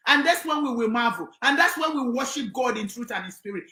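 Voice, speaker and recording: A Nigerian woman giving impassioned on-air commentary in a fervent, preacherly way, often raising her voice to a shout. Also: sits high. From southeastern Nigeria. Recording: roomy echo.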